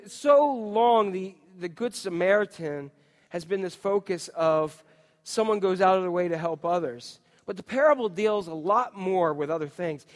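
A middle-aged man, a pastor, delivering a sermon built around a funny personal story, playfully mimicking other people's voices. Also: sits high.

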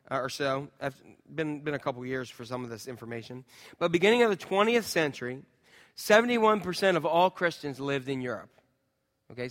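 A man preaching a casual sermon, chatting with the congregation and filling pauses with ums. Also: fairly high pitch, a bit bright, in a large hall. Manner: chatty, talks with the crowd, many ums. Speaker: pastor.

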